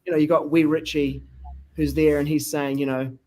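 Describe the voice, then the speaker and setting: A male podcast host relates stories animatedly in a casual interview, playing out each person he quotes. His pitch is fairly high and his speed normal.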